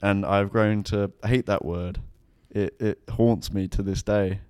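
A man's voice: lowish voice, steady tone, unhurried, a little mellow, clear, resonant tone, no room sound. A young man and racing driver co-hosting a podcast, chatting casually with dry, self-mocking humour. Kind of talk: casual chat.

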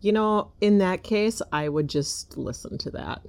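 A woman co-hosting a podcast, reacting with short interjections and quick comments. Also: medium pitch, lively intonation, creaky, a little mellow. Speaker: podcast co-host listening. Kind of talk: casual chat.

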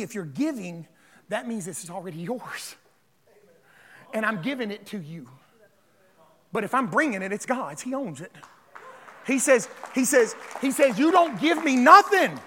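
A man preaching a sermon as pastor, calling on the congregation to respond and building up to shouts. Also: high voice, slightly rough, in a large hall.

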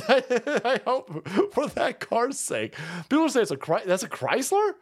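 A man's voice: extremely high pitch, sing-song, measured pace, few pauses. A man hosting a livestream, giving crude, mocking commentary on a video and laughing often. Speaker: livestream host.

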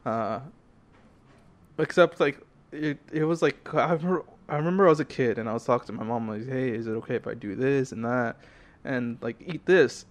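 A man's voice: mid-range voice, brisk. Casual young man telling stories. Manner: casual, uses "like" a lot. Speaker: podcast co-host. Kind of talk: casual chat, storytelling.

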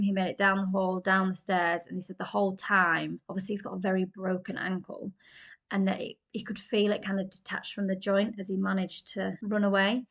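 A woman's voice: mid-range voice, fairly bright tone. A woman hosting a true crime podcast, telling the story conversationally with fillers and personal asides.

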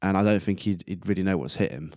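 A young man in his twenties talks on his own podcast with a very low, deep voice, close to the mic in a dry, dead room. He rambles casually and laughs at his own jokes. Now and then he coughs or burps. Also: fast talker, a little mellow, dry recording. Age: 20s. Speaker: podcast host. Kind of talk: casual solo podcast monologue.

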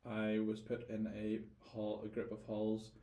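Northern Irish man, lowish voice, roomy sound. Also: completely flat delivery, measured pace, dark tone. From Northern Ireland. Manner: thoughtful, repeats words as he gathers thoughts. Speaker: guest. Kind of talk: casual interview storytelling.

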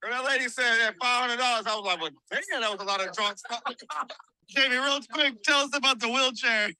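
Bright, high-voiced man telling stories. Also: fairly quick, no room sound, low-quality recording. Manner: animated, laughing, acts out quotes. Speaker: podcast co-host. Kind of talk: casual storytelling.

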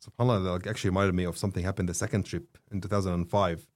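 A man from Egypt telling his story as an interview guest, animated and rising in pitch and volume for emphasis. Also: racing.

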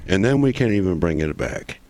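A man's voice: deep voice, very animated, a little fast, darkish tone, no echo. A man chatting loosely as a podcast guest, profane and full of restarts. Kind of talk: casual podcast chat.

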